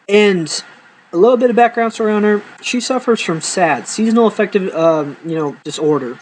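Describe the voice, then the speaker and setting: A man casually telling profane, animated stories from his life to camera, acting out the people in them. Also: sits high, normal speed, slight background noise, poor audio.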